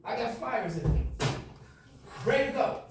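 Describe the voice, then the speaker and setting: A man's voice: very high-pitched, lively intonation, unhurried, very noisy. A man teaching a class, lecturing with role-play and quizzing students in call-and-response. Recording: echoey classroom from far off.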